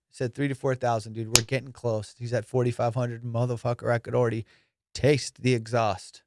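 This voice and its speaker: A man hosting a podcast, telling a story in casual chat, animated and profane, acting out both sides of a conversation. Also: medium pitch, normal speed, no echo, studio quality. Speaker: podcast host.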